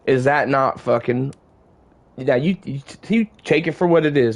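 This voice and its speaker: Man, game streamer, medium pitch, casual, profane, storytelling to chat. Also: slow. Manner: relaxed, profane, conversational.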